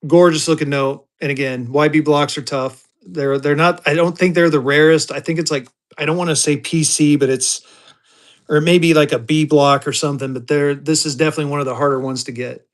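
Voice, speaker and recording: A man's voice: on the high side, steady tone, a little fast. Chatty man running a live auction. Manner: chatty, thinks aloud, calls viewers y'all. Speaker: livestream auction seller. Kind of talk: casual live-sale chatter.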